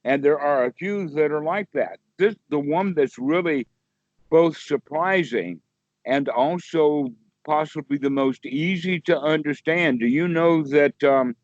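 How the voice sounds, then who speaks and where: A man's voice: a little high, a little slow, no echo. Man, meditation teacher, folksy rambling talk, dry muffled call audio. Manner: rambling, folksy, explains with examples and chuckles. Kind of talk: casual one-on-one dharma chat. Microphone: video call.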